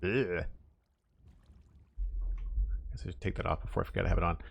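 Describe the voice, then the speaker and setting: A man's voice: low-pitched, wildly swooping pitch, a little fast, vocal fry. A man streaming a building game and chatting casually with viewers, rambling, with many fillers and restarts. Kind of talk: casual live-stream chat while playing.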